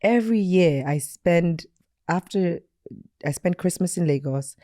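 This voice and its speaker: A woman in her thirties, a guest in a casual chat, telling stories in an animated, emphatic way. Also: lowish voice, a little slow, dry recording, studio quality. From Nigeria.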